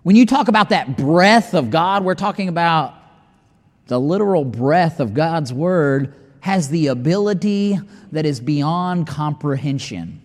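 A man's voice: a little high, lively intonation, unhurried, long reverb tail. A man preaching a sermon, reading scripture and acting out the doubts of his listeners in dramatic asides.

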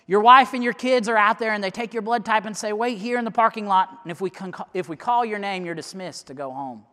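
High-voiced man preaching in a reverberant hall. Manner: dramatic storytelling, swinging from loud urgency to hushed near-whispers. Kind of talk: sermon illustration told as a story. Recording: long reverb of a large hall.

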